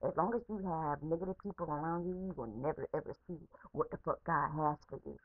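Profane ranting woman, lower voice. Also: quick pace, dry recording, narrow, tinny audio. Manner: profane, repetitive, heated. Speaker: podcaster. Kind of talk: angry unscripted rant. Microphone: phone voice message.

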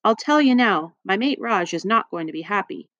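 A woman's voice: medium pitch, lively intonation, normal speed, fairly bright tone, dry recording, lo-fi sound, natural voice. A woman voicing a polite, eager hospital porter in an audiobook, always deferential. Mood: apologetic.

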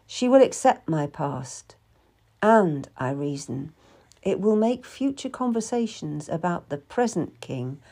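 A woman narrating a historical novel in first person, in a measured, calm storytelling manner. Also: on the low side, gravelly.

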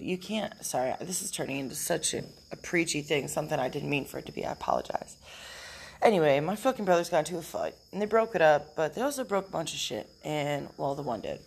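A woman's voice: on the low side, gravelly. A woman telling a story in a casual vlog, blunt, profane and rambling, recorded outdoors in nature. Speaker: vlogger.

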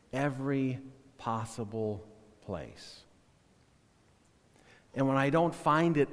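Male pastor, earnest halting sermon delivery, mid-pitched, long church reverb. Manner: earnest, halting, repeats words.

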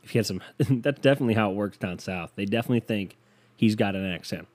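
A man's voice: on the low side, fast, darkish tone. A man from the United States doing a solo comedic rant, profane, rambling and self-mocking.

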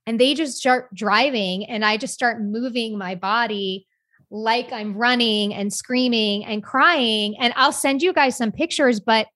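A young adult woman co-hosting a podcast, talking in a candid, rambling, expressive way. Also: on the high side, measured pace, no echo, studio quality. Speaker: podcast co-host. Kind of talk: casual chat.

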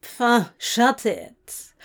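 A woman's voice: a little high, animated, unhurried, pitched above the performer's own voice. A woman doing a grumbling sullen male demon. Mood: dismissive. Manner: grumbling, curt, contrary.

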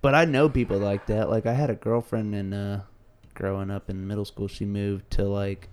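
A man's voice: on the low side, steady tone, moderate pace, darkish tone, a little hiss or hum. A young man co-hosting a podcast in casual chat, laid-back and joking, swearing and laughing often. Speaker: podcast co-host. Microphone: studio podcast mic.

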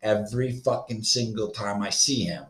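A man's voice: lowish voice, normal speed, a bit bright, reverberant. A man in his thirties from Florida, hosting a solo podcast in a profane, rambling, agitated rant. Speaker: podcast host.

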